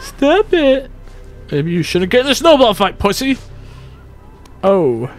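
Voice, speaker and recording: A young man joking excitably while commenting casually on a video game. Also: high-pitched, slow pace, faint music behind. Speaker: let's play commentator.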